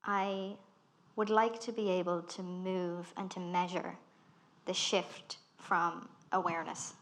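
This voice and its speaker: Irish woman, about thirty, talk guest; brisk, animated, acts out her quotes. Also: lowish voice. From Ireland. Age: 30s. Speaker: guest speaker. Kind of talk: live onstage conversation. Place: festival talk stage.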